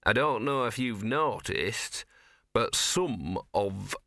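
A man's voice: fairly low pitch, expressive, slow pace, sharp tone, dry recording, heavily acted. A man voicing a cynical, scruffy talking dog who grumbles and makes sardonic remarks in an audiobook. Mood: uneasy.

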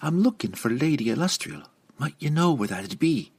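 A spirited young woman adventurer, raised among dwarves, speaks in a homely old-fashioned dialect, as a male storyteller puts her on. The voice sits well above his own and has a slightly husky grain. She is the heroine of a fantasy audiobook. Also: fairly high pitch, animated, normal speed, voice pushed up, exaggerated voice. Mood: earnest, gentle. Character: plucky young woman adventurer, dwarf-raised, road-worn.

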